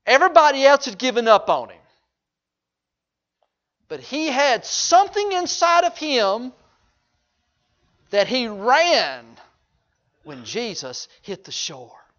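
A man preaching a sermon, swinging from hushed low asides to loud, high-pitched exhortation. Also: big pitch swings, slow, pauses often, muffled recording. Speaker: pastor.

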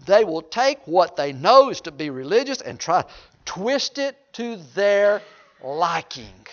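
A man preaching a sermon, swinging from hushed low asides to loud, high-pitched exhortation. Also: big pitch swings, unhurried, highs cut off. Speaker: pastor.

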